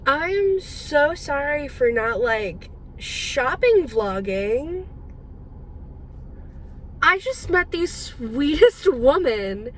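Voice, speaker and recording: High-voiced young woman telling a chatty story. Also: a little hiss or hum, low-quality recording. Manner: animated, rambling, with quick asides. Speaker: vlogger.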